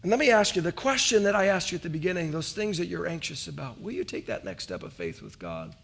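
A man's voice: fairly high pitch, sing-song, quick pace, creaky, a bit bright, slightly rough. A young adult man preaching an earnest sermon, with dynamic rising emphasis. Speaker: pastor.

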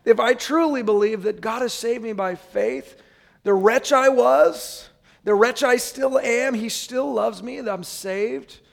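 A male pastor gives a sermon to his church, talking it through in a casual way and turning to the congregation now and then. His voice sits high and has a gravelly edge. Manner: conversational preaching with frequent asides to the congregation.

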